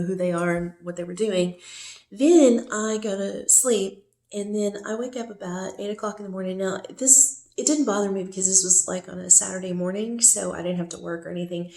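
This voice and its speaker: A woman talks through a personal story at an easy, wandering pace, her mellow, darker voice bouncing in an echoey room. She keeps stopping for fillers and side remarks. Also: mid-range voice, steady tone, normal speed. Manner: rambling, many fillers and asides. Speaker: storyteller recounting a relationship.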